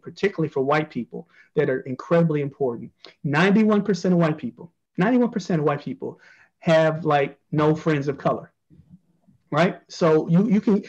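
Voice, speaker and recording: American guy, journalist on a panel, earnest and emphatic, higher voice, kinda dull lo-fi audio. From United States. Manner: earnest, emphatic, repeats phrases for stress. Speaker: journalist and podcast guest. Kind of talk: panel discussion answer.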